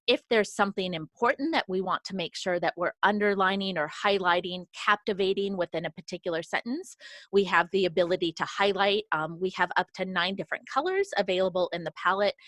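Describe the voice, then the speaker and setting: A woman from an education program giving an upbeat, organized walkthrough of a software tool while sharing her screen on a video call. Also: on the low side, fairly even intonation, a little fast, no room sound. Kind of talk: screen-share software demo.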